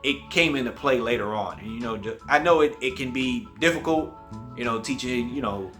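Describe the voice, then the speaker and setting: A man hosts a casual movie review in a voice of ordinary pitch. He tells the plot in a relaxed, conversational way and briefly puts on voices for the characters he quotes. Faint music plays underneath. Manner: acts out quoted characters with quick voice changes.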